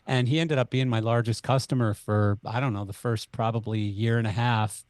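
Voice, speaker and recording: A man's voice: medium pitch, fairly even intonation, moderate pace, a little mellow, clear, resonant tone, no room sound. A middle-aged man from Canada, a podcast guest, telling stories in conversation and acting out both sides of the dialogue. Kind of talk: conversational storytelling.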